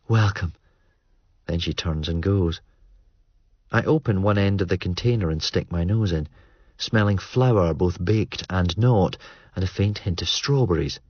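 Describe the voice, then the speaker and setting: A man narrating an audiobook in a measured, understated way. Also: low voice, breathy edge, dry recording. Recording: muffled dry studio read.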